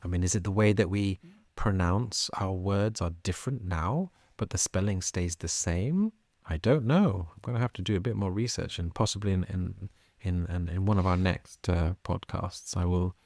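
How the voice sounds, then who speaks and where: A man's voice: low-pitched, normal speed, few pauses, a little mellow, no room sound, studio quality. A British man who teaches English, co-hosting a casual pronunciation podcast, often laughing and repeating himself. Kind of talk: casual educational chat.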